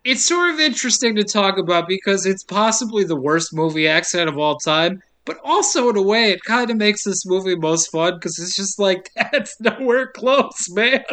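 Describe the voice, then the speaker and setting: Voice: medium pitch, expressive, moderate pace, hardly any pauses, fairly bright tone. A podcast co-host recapping a movie in casual chat, wry and sarcastic, laughing often.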